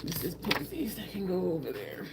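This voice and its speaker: A woman's voice: on the low side, wildly swooping pitch, normal speed, creaky, background noise. A woman beauty vlogger, telling a story casually and expressively to her viewers, now and then swearing.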